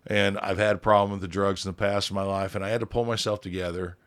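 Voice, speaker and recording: A man's voice: lowish voice, little pitch movement, fast talker, fairly bright tone. A man, a band leader on a podcast, telling a rambling, profane story in casual chat and acting out quoted dialogue.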